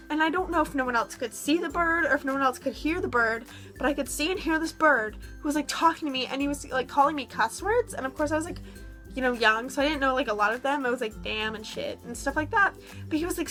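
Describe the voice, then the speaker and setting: Young woman vlogger, high voice, chatty and casual, filler-heavy storytelling. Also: fairly bright tone.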